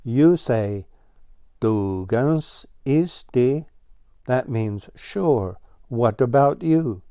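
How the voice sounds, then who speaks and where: A man's voice: mid-range voice, expressive, extremely slow, mellow, clear, resonant tone, no room sound, clean studio sound. A man voicing a fussy, easily exasperated ground squirrel in a storybook, correcting and emphatic. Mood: instructive.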